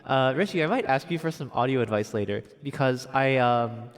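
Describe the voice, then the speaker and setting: A young adult man from Connecticut, USA, speaks at a medium pitch and a little fast, with a big-room sound. He's chatting casually on a piano livestream from home, upbeat and chatty with gleeful exclamations.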